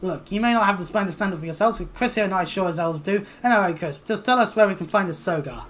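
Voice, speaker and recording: A woman voicing a blunt, rough-talking adventuring woman who scolds with old-fashioned "ye" speech. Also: mid-range voice, fast talker, slight background noise, lightly acted. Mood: brash. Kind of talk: reading game dialogue aloud.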